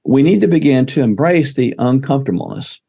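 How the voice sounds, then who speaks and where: Male guest expert, warm low timbre, emphatic coaching delivery. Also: animated, fairly quick, gravelly, husky. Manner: emphatic, coaching tone with numbered points. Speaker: guest doctor. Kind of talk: casual podcast interview.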